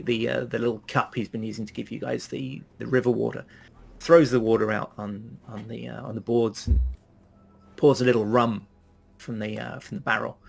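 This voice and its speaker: A man's voice: medium pitch, gravelly. A man running a tabletop game as game master, narrating with many hesitant fillers.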